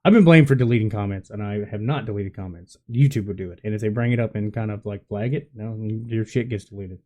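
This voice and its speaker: A man's voice: fairly low pitch, fast talker, a little mellow. A man giving casual reaction commentary on a clip, blunt and scornful, swearing freely.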